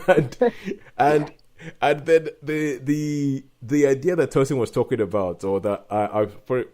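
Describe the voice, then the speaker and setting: A man's voice: mid-range voice, dark tone. A man hosting a podcast, talking in a chatty way with frequent laughs. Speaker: podcast host. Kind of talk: casual chat.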